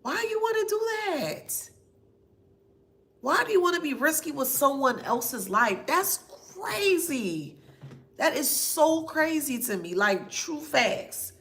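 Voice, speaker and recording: A woman giving a casual spiritual reading, laughing often and reacting with drawn-out disbelief. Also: high voice, very animated, a bit bright.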